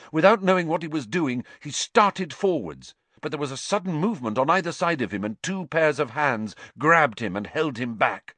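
A man reading a story aloud as narrator, measured and expressive. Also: medium pitch, no room sound. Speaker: audiobook narrator. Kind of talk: scripted narration.

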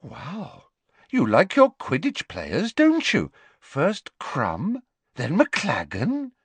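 A man's voice: fairly high pitch, huge pitch swings, drawn-out words, breathy edge, no room sound, voice pushed up, heavily acted. A man voicing a chatty, gossip-loving teenage girl. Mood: gossipy. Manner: chatty, wide-eyed.

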